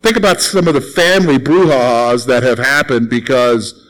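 A man's voice: mid-range voice, normal speed, fairly bright tone, low-quality recording. A middle-aged man preaching a sermon as pastor, talking to his congregation in a conversational way and repeating his points. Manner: conversational preaching with repeated phrases and acted quotes.

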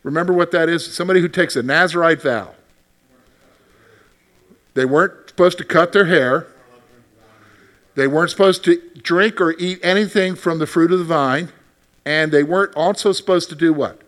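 A man leads a Bible study lesson with a slightly higher voice than most men. He talks in a conversational way and often puts questions to his class. When he voices God's words, he becomes animated. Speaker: Bible teacher.

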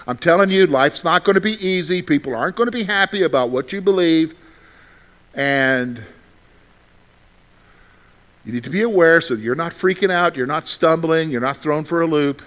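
Middle-aged male preacher, high-pitched, animated, rhetorical questions, loud peaks and hushed asides. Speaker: pastor. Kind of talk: sermon.

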